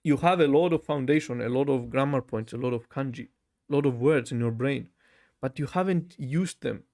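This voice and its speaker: A man's voice: mid-range voice, moderate pace, a little mellow. A young man with a German accent, chatting casually on a livestream, reading comments, saying bro a lot, laughing often and repeating practice phrases aloud. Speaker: language learner livestreaming. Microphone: camera mic.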